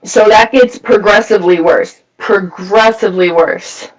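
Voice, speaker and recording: A high-voiced man recounts his recovery story bluntly at a meeting, at a measured pace, with lots of swearing and filler words. His voice is somewhat far from the mic.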